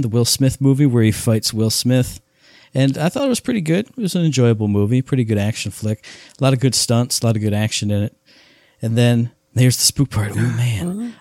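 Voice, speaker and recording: A man with a mid-range voice co-hosts a casual podcast, telling stories in an enthusiastic, rambling, animated way. The recording is clean studio sound with no room tone.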